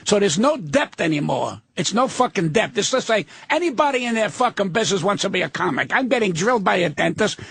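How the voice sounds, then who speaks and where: An older man with a raspy, gravelly voice that sits fairly high goes off on a profane, combative rant. He is a veteran comic guesting on a talk radio show. The sound is close and dry, with no room around it. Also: sing-song, brisk, hardly any pauses, a bit bright, no echo. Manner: profane, combative, gruff ranting.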